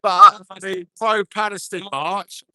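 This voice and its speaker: A man's voice: high voice, steady tone, takes it slowly, pushed and bright, dry recording. An older man talking bluntly and jokingly into a handheld phone while live-streaming outdoors at a crowded street march. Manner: chatty, blunt, jokey. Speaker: livestreamer at a march. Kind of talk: casual live-stream chat.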